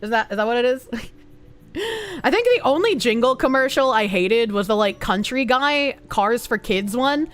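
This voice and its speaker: A woman streamer whose high, bouncy voice leaps up and down as she chats through donations, cursing with ease. Her speech is casual and animated, and faint music plays in the background. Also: moderate pace. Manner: lively, swears casually, gasps and sings snippets. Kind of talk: casual livestream chat reading donations.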